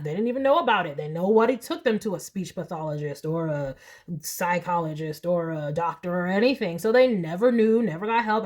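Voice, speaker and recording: Woman, 30s, tarot reader, casual monologue, chatty and emotional, middle pitch. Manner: chatty and emotional, many likes and y'alls.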